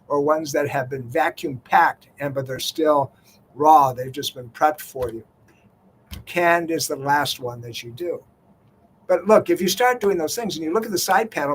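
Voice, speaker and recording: A man's voice: a little high, slight background noise. Chatty radio health host, older man. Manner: folksy, conversational, many "you know" fillers. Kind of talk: talk radio monologue.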